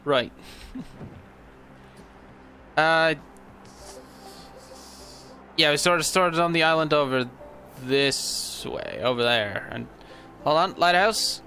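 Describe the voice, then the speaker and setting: Young male gamer, loose rambling commentary, stutters, swears, bright tense voice, faint game music behind. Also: a little high, slow pace, pauses often. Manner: rambling, stammering, swears freely. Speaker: gaming video host. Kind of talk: casual gameplay commentary.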